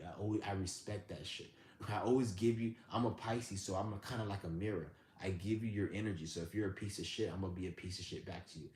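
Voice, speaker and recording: A man hosting a live stream who rants and tells stories in a blunt, profane, animated way. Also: on the low side. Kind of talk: ranting storytelling. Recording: roomy with faint background hum.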